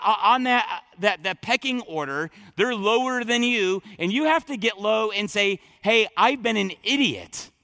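Male pastor, high and bright, earnest, casual preaching style, dry close sound. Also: no echo. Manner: conversational, thinking aloud with frequent fillers and restarts. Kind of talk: sermon.

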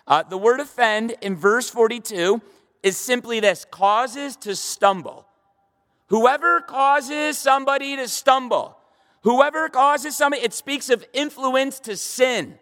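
A man's voice: extremely high pitch, a bit bright. A middle-aged man preaching a sermon to a live audience in a church hall, emphatic, stumbling over repeated words and firing rhetorical questions at the room. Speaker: pastor.

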